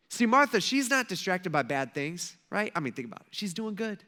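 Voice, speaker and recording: Lively bright-voiced male pastor. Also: high voice, fairly quick, few pauses. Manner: casual, animated storytelling with acted-out quotes. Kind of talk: conversational sermon.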